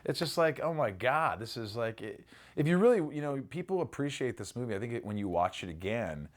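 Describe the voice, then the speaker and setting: A middle-aged man telling stories in a casual interview, animated and swearing freely as he acts out lines. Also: medium pitch, a little fast. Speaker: actor interviewee.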